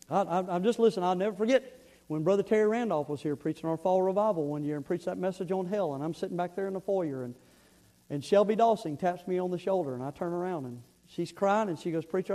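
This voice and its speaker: Preacher guy, high voice, earnest sermon, tells stories, stumbles and repeats words. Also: quick pace, mellow, poor audio. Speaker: pastor.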